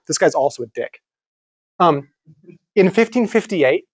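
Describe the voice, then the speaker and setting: A man giving a conference lecture in an animated, conversational way, with some casual swearing. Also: fairly high pitch, dry recording. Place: lecture room.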